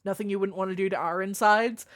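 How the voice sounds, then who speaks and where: A woman's voice: fairly even intonation, quick pace. Frank, playful woman chatting casually. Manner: crude, frank and playful, swears freely; chatty with sudden jumps in pitch and loudness. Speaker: streamer. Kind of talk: casual live-stream chat, reading and answering chat.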